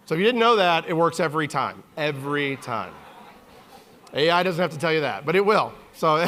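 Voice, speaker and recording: Male keynote speaker, forties, slightly high voice, lively and playful with the audience. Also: a little fast, a little hiss or hum. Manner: animated, joking with the audience. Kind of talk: live keynote presentation. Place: conference hall stage.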